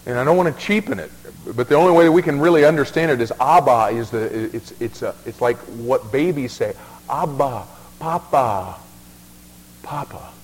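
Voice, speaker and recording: A man's voice: mid-range voice, fairly quick. A male pastor preaching a sermon in a folksy, emphatic way, often repeating words as he restarts. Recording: long reverb of a large hall.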